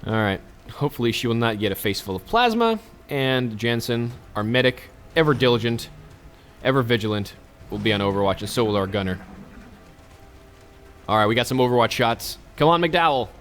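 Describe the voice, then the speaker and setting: Male let's-play host, mid-pitched, casual and chatty, cracks jokes to viewers while he plays. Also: lively intonation, brisk, fairly bright tone, slight background noise. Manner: chatty, joking asides to viewers. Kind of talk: casual gameplay commentary.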